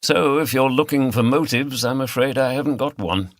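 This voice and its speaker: A man's voice: mid-range voice, normal speed, dry recording, clean studio sound, voice pushed up, lightly acted. A man reading the part of a middle-aged male artist with a British RP accent, polite, precise and faintly superior.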